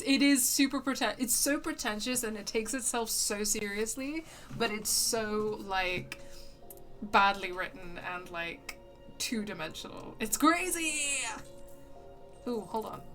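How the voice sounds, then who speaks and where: A woman's voice: on the high side, a little slow, a bit bright, faint music behind. A woman streaming a game and giving casual, wry, laughing commentary. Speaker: gameplay streamer. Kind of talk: casual let's-play commentary.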